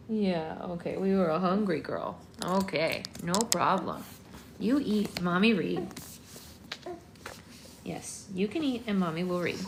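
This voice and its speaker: A woman hosting a live book club from home, reading a novel aloud in a gentle, unhurried voice and breaking into soft singsong baby talk to her infant. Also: medium pitch, big pitch swings, background noise. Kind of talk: live read-aloud with casual asides.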